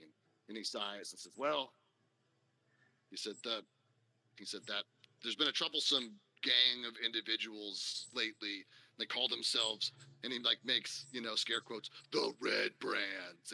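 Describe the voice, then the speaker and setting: Bright-voiced man narrating as game master. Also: fairly low pitch, poor audio. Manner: loose, filler-heavy narration.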